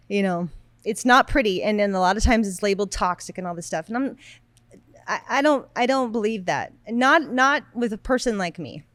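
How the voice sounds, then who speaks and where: A woman's voice: mid-range voice, lively intonation, moderate pace, a bit bright, no echo. A woman in her thirties co-hosting a podcast, talking in a blunt, emphatic casual way. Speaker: podcast co-host. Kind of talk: casual chat.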